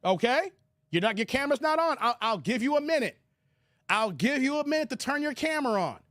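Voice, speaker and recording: Animated male streamer. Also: extremely high pitch, a little fast, no room sound, studio quality. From United States. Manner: animated, laughing, addresses chat by name. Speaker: live stream host. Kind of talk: casual live stream commentary.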